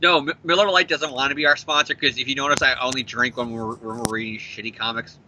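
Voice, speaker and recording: A man's voice: medium pitch, fairly even intonation, fast, noisy background. A man co-hosting a comic book podcast, ranting in a profane, jokey way about the story. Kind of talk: casual comic review chat.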